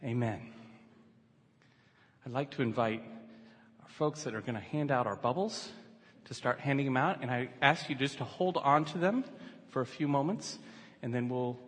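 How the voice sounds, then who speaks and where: A man preaching a sermon as an animated storyteller, building from hushed narration to shouts, in a church hall. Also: medium pitch, normal speed, long pauses. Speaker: pastor. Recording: echoey hall.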